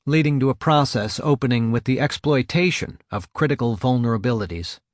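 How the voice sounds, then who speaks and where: A man narrating a nonfiction audiobook in a measured, even reading style. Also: mid-range voice, no echo, clean studio sound.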